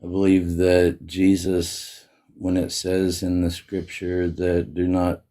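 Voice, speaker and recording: A man with a very deep, dark voice speaks slowly as a guest on a live chat. He lays out each point in a flat, measured way. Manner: slow, measured, repeats "I believe". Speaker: livestream guest. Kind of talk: casual chat.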